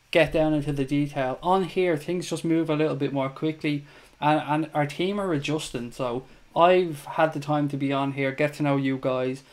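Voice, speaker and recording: A man hosting a fan chat show livestream, talking casually and with feeling to his viewers and reading out their comments. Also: a little high. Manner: chatty, emotional, reads viewer comments aloud.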